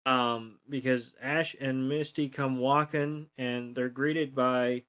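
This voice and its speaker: A male podcast co-host telling a cartoon episode in loose, rambling fashion, dropping crude jokes along the way. His voice sits at an ordinary middle pitch. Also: fairly even intonation, slow, a bit bright, clean tone. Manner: jokey, crude, rambling with fillers. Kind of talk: casual episode recap chat.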